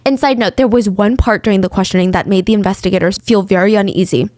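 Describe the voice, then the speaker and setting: A young woman hosting a true crime podcast, telling the story casually with lively asides and acted-out quotes. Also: mid-range voice, fast, dry recording, studio quality.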